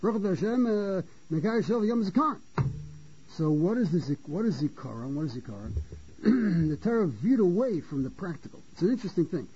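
Man, rabbi teaching a Torah class, high husky voice, halting repetitions, frequent throat-clearing, muffled lo-fi sound. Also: animated, dark tone. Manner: halting, repeats phrases and restarts, asks rhetorical questions. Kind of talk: Torah lecture. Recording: dull lo-fi recording.

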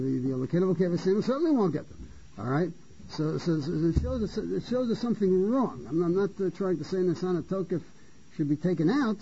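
A man with a high, husky, mellow voice gives a Torah lecture, circling back over his words and restarting sentences. He poses questions to the class, often clears his throat, and sounds dull and lo-fi. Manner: halting, repeats phrases and restarts, asks rhetorical questions. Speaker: rabbi teaching a class. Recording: dull lo-fi recording.

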